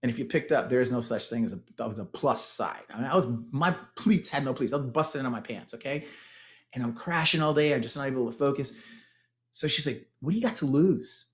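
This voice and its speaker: With a medium-pitched, fairly bright voice and a slightly fast delivery, a Texan-accented man in his forties tells the story of his fitness turnaround. Formerly a tech executive, he gives this motivational testimonial with energy, addressing the crowd as "guys" again and again.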